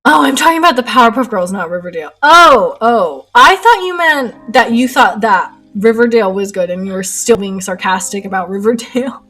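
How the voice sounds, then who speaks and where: A young woman chatting while she paints, with a slightly high, breathy voice. She rambles, gets worked up and laughs a lot. Soft lo-fi music plays faintly behind her. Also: a little fast, few pauses. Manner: excitable, rambling, laughs often. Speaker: art streamer. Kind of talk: casual chat while painting live.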